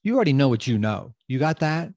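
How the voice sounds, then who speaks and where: A man's voice: mid-range voice, very animated, fast, a little mellow, no echo, studio quality. A middle-aged man hosting a motivational coaching podcast, emphatic and casual, often repeating phrases for effect. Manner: casual, loose grammar.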